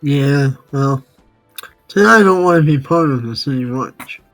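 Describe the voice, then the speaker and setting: A man playing a tabletop game, speaking haltingly and hesitantly. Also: mid-range voice, animated, fairly bright tone, dry recording, faint music behind. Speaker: player. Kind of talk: tabletop role-play.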